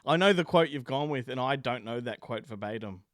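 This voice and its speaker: A man's voice: medium pitch, expressive, brisk, dry recording, clean studio sound. A man co-hosting a casual chat podcast, laid-back and self-deprecating, swearing casually. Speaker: podcast co-host.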